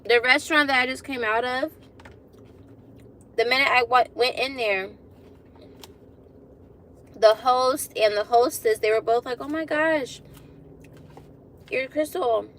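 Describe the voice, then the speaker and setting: A woman's voice: on the high side, fairly even intonation, a little slow, pauses often, a bit bright, a little hiss or hum. A woman in her twenties chatting casually with viewers on a phone live stream, laughing often and repeating herself. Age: 20s. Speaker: vlogger hosting a live stream.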